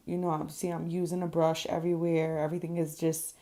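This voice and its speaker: Speaking briskly in a low, level and mellow voice, a woman talks viewers through her makeup as a vlogger. It's a casual tutorial voice-over, candid and profane, full of ums.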